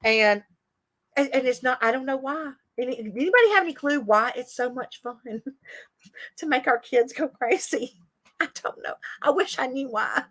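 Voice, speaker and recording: A middle-aged woman, a teacher who also hosts livestreams, chats casually with her viewers and laughs often. Her voice is high-pitched and a bit bright, at a normal speed.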